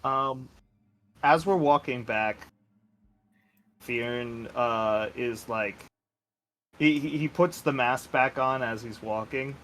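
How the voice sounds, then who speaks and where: Hesitant player, mid-pitched man. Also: takes it slowly, pauses often, fairly bright tone, slight background noise, rough recording. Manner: hesitant, filler-heavy. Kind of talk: casual tabletop chat.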